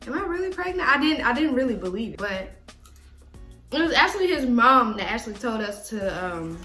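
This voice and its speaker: A woman's voice: fairly high pitch, lively intonation, moderate pace. A young woman co-hosting a casual vlog, telling a personal story in a chatty way with many restarts. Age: young adult. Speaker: vlog co-host. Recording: echoey room with faint music.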